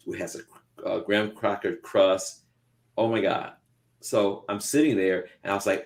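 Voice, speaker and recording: A low, gravelly man chatting with his co-host. He tells lively stories and puts on voices to act out his anecdotes. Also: moderate pace. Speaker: podcast co-host. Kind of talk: casual chat, animated storytelling.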